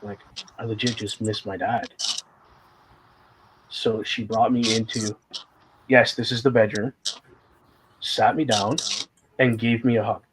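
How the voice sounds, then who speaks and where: A man's voice: on the low side, level tone, a little slow, long pauses, noisy background. A man talking candidly and emotionally in a casual conversation, a guest sharing a personal story with rambling fillers and moments of fighting back tears.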